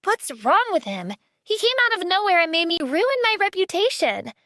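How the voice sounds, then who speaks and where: A woman's voice: extremely high pitch, big pitch swings, normal speed, fairly bright tone, dry recording, clean studio sound, voice pushed up, heavily acted. A woman voicing a spoiled, arrogant celebrity influencer in an audio drama, speaking with haughty scorn. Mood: scornful. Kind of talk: audiobook character voice.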